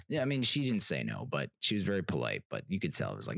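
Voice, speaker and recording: A young adult man, hosting a podcast and telling an exasperated, animated story that mimics other people. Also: lowish voice, quick pace, gravelly, few pauses, no echo. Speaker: podcast host. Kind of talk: casual ranting monologue.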